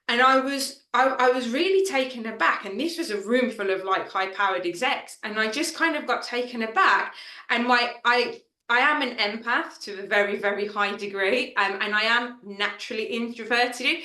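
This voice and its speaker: Bright chatty woman, echoey room. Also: on the high side, moderate pace. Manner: chatty, many fillers, emotional storytelling. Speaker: founder of an assistant network, fireside chat guest. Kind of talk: casual storytelling in a fireside chat.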